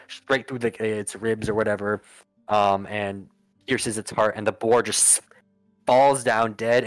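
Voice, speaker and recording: A man's voice: lowish voice, no room sound, low-quality recording. A man narrating a tabletop game as game master, casual and profane, with lots of ums and uhs.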